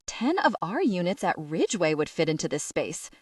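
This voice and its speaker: A woman voicing a calm, dry-witted male architect who speaks politely and deadpan. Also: lowish voice, normal speed, slightly rough, dry recording, far from the mic.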